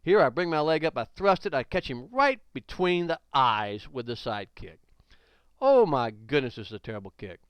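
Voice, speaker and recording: A man's voice: medium pitch, very animated, moderate pace, clear, resonant tone, no echo. A man narrating a karate instruction video, blunt and emphatic, repeating warnings and punctuating with exclamations.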